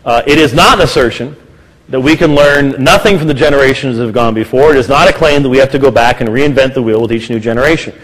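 A man speaking to an audience, telling anecdotes in a lively way and acting out what others said. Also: mid-range voice, fast talker. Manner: animated storytelling, acts out quotes. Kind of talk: lecture with anecdotes. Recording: echoey hall.

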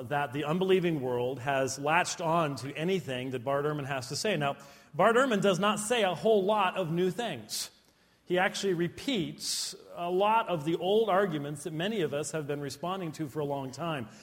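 A man's voice: on the high side, moderate pace. A man giving a conference lecture to a live audience, with humorous, self-deprecating asides. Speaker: conference speaker. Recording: long hall reverb.

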